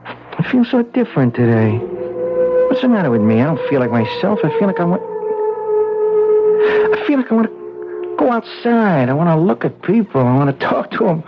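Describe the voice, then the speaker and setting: An eager young man in his twenties, who stammers earnestly and restarts his sentences. His voice swings widely in pitch over music. The recording is dull and lo-fi, like an old radio play. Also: very animated, brisk. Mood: wondering. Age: 20s. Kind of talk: 1970s radio drama acting.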